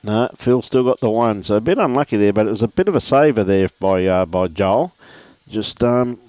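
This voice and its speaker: A middle-aged Australian speaks expressively at a moderate pace in a low, darkish voice, with no room sound. He's casually commentating a lawn bowls livestream, matey and chatty, greeting viewers by name.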